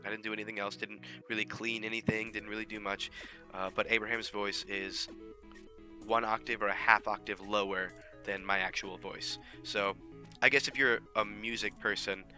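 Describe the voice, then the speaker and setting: Bright-voiced man chatting casually. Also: on the low side, level tone, normal speed, faint music behind. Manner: rambling, with many fillers and restarts. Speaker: fan audio drama creator. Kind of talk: casual behind-the-scenes talk.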